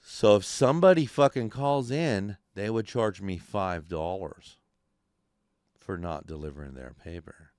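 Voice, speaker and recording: A man hosting a podcast, telling a story in animated, profane, casual talk and acting out the voices of people in it. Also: sits low, a little slow, no room sound, clean studio sound. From California. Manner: animated, swears constantly, acts out voices in his stories. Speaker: podcast host. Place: podcast studio.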